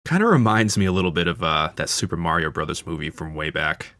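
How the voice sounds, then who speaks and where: A man's voice: low voice, lively intonation, fast, fairly bright tone, dry recording. A man hosting a casual film commentary, talking like an enthusiastic fan with frequent fillers and restarts. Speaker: channel host.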